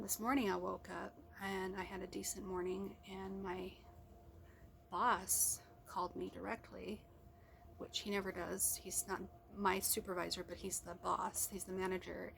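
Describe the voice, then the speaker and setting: Her medium-pitched voice barely moves in pitch, sounding creaky and a bit bright at a moderate pace, with a little hiss or hum in the recording. She's a middle-aged vlogger rambling and self-talking with restarts, at home or in a car.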